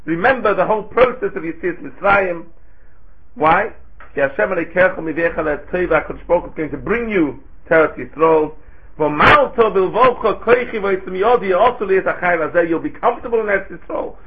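A man's voice: high voice, brisk. A man giving a Torah sermon, asking rhetorical questions and chanting Hebrew phrases in a lilting way. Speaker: rabbi giving a Torah talk. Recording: tinny phone-like recording.

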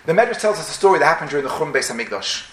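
A man's voice: on the high side, sing-song, racing, fairly bright tone. A man preaching a sermon as a rabbi, telling a story with emphatic, dramatic swings. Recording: echoey room.

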